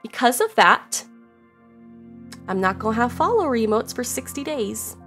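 A woman streaming a game to her chat, bubbly and excitable, laughing often, swearing casually and saying y'all. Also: a little high, moderate pace, faint music behind. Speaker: Twitch streamer. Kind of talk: casual live-stream chat while gaming.

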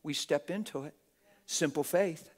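A man's voice: a little high, unhurried, a little mellow. A man preaching a live church sermon in a conversational way, firing rhetorical questions at the audience and acting out the voices of people he quotes. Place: church gathering.

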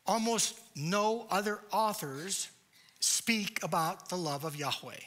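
Male church lecturer, rhetorical questions, emphatic, bright tone, slightly raised pitch. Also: animated, slow pace.

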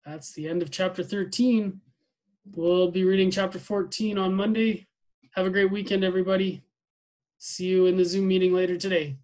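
A man teacher reading a novel aloud to his class, steady with small slips and restarts. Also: sits high, moderate pace, rough recording.

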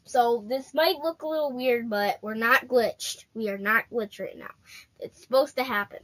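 A woman's voice: fairly high pitch, normal speed, fairly bright tone. A female gaming host giving casual, playful commentary straight to her viewers while she plays.

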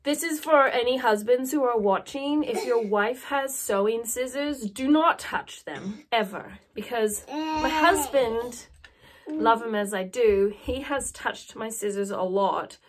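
A woman's voice: on the high side, unhurried. A woman in her thirties with an Australian accent, chatting to camera in a rambling, self-mocking way. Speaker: vlogger. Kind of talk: casual chat to camera.

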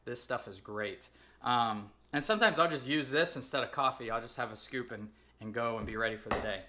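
A fitness trainer speaking in a casual vlog, upbeat and chatty, running through products and numbers with frequent ums. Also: male voice, medium pitch, brisk, noisy background.

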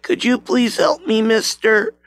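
A man's voice: very high-pitched, unhurried, a bit bright, dry recording, clean studio sound. A man voicing a small lost boy who asks for help finding his mother. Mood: pleading. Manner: pleading, childlike.

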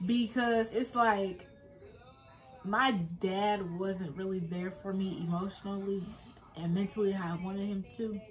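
A woman's voice: medium pitch, fairly even intonation, measured pace. A young woman vlogger speaks. She retells a hard personal story in a loose, casual way, with many fillers and restarts.

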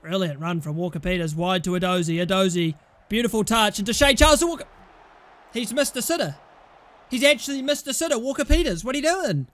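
A young man casually commentating his own football management game, chatting through results and shouting at goals and bad calls. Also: high-pitched, animated, a little fast. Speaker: gaming YouTuber.

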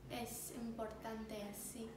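Soft-spoken female student, brief flat answers, distant mic, very reverberant room with ambience. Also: on the high side, unhurried, slight background noise. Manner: quiet, brief answers, giggles. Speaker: language student. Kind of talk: answering in a lesson.

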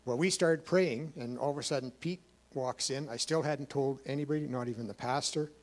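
A man's voice: medium pitch, fairly quick. A man giving a rambling, emotional personal testimony to a church, with many fillers and restarts. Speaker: guest speaker.

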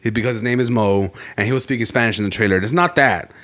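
A young man co-hosting a casual podcast, telling rambling, profane stories with animated energy. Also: lowish voice, fast talker. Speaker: podcast co-host. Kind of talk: casual chat.

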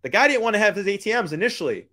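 A man giving a hyped motivational business pitch, using street slang and repeating lines for emphasis. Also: big pitch swings, rapid-fire, bright, forceful tone. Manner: hyped, keeps calling out to "guys". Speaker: business coach.

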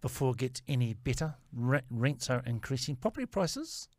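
A man's voice: medium pitch, big pitch swings, moderate pace, no room sound. A man on a political panel, earnest and repeating himself as he makes a point.

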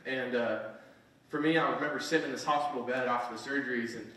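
Young male speaker, twenties, earnest motivational storyteller; mid pitch; boomy hall, mic set back. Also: steady tone, quick pace, bright, forceful tone. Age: 20s. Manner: earnest storytelling, frequent "right?". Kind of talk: motivational speech. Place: conference hall. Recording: echoey hall, mic at a distance.

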